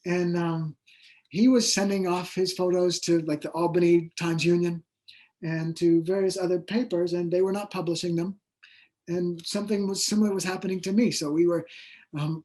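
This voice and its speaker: A man's voice: high voice, darkish tone. A man who is an author guest in an interview, telling his story in a rambling, hesitant way with many fillers. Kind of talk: conversational interview.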